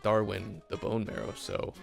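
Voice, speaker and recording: A man voicing an unbothered middle-aged mother who mutters in a low, dismissive way. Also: monotone, normal speed, gravelly, soft background music.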